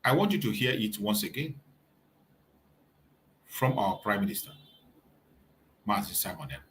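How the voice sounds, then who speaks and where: A man hosting a channel, giving urgent, forceful commentary on a political broadcast. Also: on the low side, sing-song, moderate pace, a little hiss or hum. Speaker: channel host commenting on clips.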